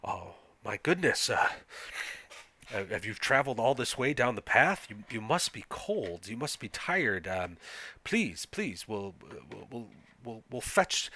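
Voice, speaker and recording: A man's voice: fairly low pitch, pushed and bright, dry recording, heavily acted. A man voicing an eager, nervous young male blacksmith who stammers while trying to please guests.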